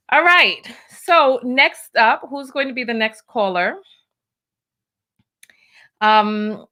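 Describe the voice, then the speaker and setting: A woman's voice: fairly high pitch, sharp tone. A woman hosting a live call-in show, chatting casually and upbeat with callers. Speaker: radio call-in host.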